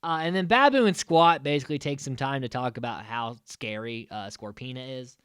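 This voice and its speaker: A man's voice: medium pitch, brisk, a bit bright, smooth, no room sound, clean studio sound. A man hosting a podcast, recapping an old episode in a rambling, sarcastic way full of "like" and "uh". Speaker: podcast host.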